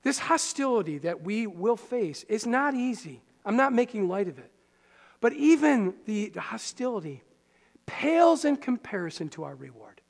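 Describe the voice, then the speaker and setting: A man pastor preaching a sermon in a conversational, animated way, with quick asides to the congregation. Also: high-pitched, vocal fry. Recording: long hall reverb.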